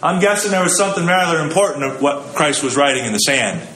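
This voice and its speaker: A man's voice: a little high, lively intonation, fast, fairly bright tone, reverberant, a little hiss or hum, poor audio. A man giving a sermon in a conversational, storytelling way, acting out the quotes he tells. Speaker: preacher.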